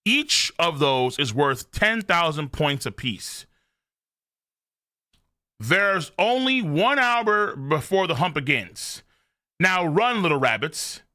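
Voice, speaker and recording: A man's voice: a little high, very animated, takes it slowly, pushed and bright, heavily acted. A man voicing a cruel noble who hunts people for sport, in a taunting, smug tone.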